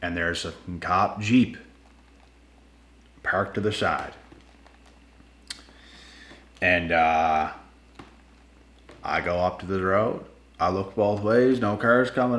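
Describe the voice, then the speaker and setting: A man telling a personal story to his viewers in a casual, animated way, slangy and swearing freely. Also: lowish voice, slow pace, long pauses, echoey room.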